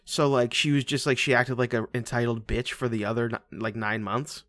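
A man co-hosting a podcast, chatting casually about a movie with quick jokes, asides and frequent laughs. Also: mid-range voice, little pitch movement, a bit bright. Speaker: podcast co-host.

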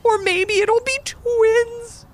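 A woman voicing an excited little girl in a storybook, talking in breathless, squealing bursts. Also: very high-pitched, drawn-out words, voice pushed up, exaggerated voice. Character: excited little girl wanting to be big sister.

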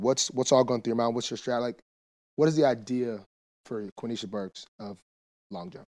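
A man's voice: mid-range voice, moderate pace, darkish tone. A young man hosting a casual interview, asking short friendly questions. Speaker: podcast host.

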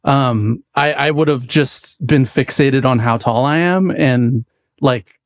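A man's voice: medium pitch, slow pace, no room sound, studio quality. A young adult man from the US West Coast, a podcast guest talking casually, loose and rambling with frequent laughs. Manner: relaxed, rambling, laughs often. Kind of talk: casual chat.

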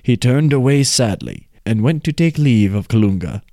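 A man reading a folk tale aloud in a measured, expressive way. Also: mid-range voice, no room sound, studio quality. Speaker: storyteller.

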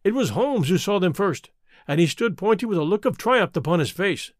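A man narrating a classic detective story in a measured, expressive reading. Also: high-pitched, no room sound, studio quality. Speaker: audiobook reader.

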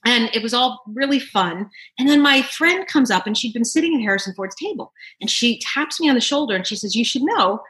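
A woman telling a story as a guest in casual chat, animated and laughing often. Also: a little high, fairly quick, few pauses, low-quality recording. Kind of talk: casual anecdote.

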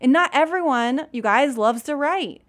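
A mother in her thirties speaks at normal speed in a high, animated voice, giving casual, chatty parenting advice directly to her viewers. She laughs often and keeps saying "you guys."

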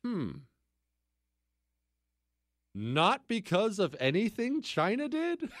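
Sarcastic man hosting talk radio, lively swooping delivery, dry booth sound. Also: unhurried, pauses often, dry recording. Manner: sarcastic, mocking, heavy repetition; animated, swings into incredulous high outbursts. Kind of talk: political talk radio monologue.

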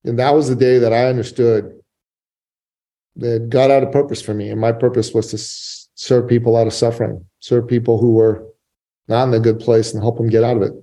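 Male podcast guest, warm voice, animated storyteller. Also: medium pitch, brisk. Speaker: guest, business coach and author.

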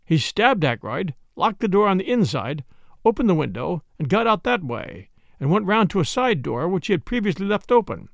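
A man reading the part of a brisk middle-aged police inspector, blunt and questioning, in an audiobook. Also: high-pitched, sing-song, creaky, no echo, studio quality, heavily acted. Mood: probing.

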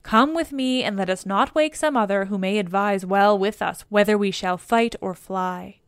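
A woman's voice: medium pitch, normal speed, clean tone, dry recording, clean studio sound, lightly acted. A woman reading the lines of an old male warrior counselor in an earnest, urging, formal manner, in her own voice. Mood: earnest, urgent.

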